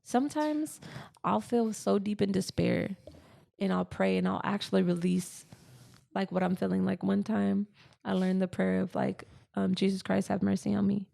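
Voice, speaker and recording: A woman in her thirties co-hosting a casual spiritual podcast, telling personal stories earnestly in quick bursts. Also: mid-range voice, steady tone, creaky, warm tone. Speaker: podcast co-host.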